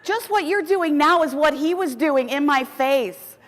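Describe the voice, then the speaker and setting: A middle-aged American woman giving a keynote speech, telling her story with a lively, humorous manner. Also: high-pitched, measured pace. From United States. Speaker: keynote speaker. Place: large conference hall. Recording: long reverb of a large hall.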